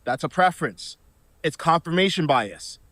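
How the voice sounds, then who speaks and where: A man delivering a scripted commentary clip at a somewhat high pitch for a man. His pacing is measured and reasoned, and the recording sounds dry, with no room echo. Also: expressive, a bit bright.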